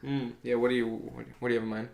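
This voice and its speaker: A man's voice: medium pitch, level tone, very fast, creaky, roomy sound. A man co-hosting a casual podcast chat, hesitant, with many ums. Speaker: podcast co-host.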